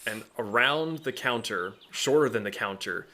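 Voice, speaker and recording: A man's voice: medium pitch, lively intonation, moderate pace, sharp tone. A man narrating as game master of a tabletop game, laughing often as he describes scenes.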